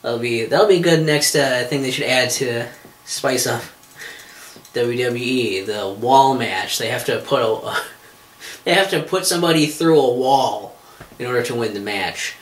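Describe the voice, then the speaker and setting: In an unhurried, medium-pitched voice, a man hosting a podcast wanders through a comedic monologue. He sounds profane and exasperated, swearing often and filling in with restarts and fillers, all in a roomy, echoing space.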